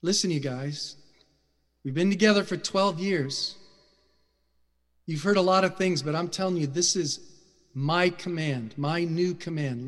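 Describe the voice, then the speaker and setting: Brief: middle-aged male preacher, fervent and emphatic, fairly high voice, echoing sanctuary. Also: measured pace, pauses often. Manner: passionate, loud and emphatic. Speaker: guest speaker. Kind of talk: sermon. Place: church sanctuary. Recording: reverberant church hall.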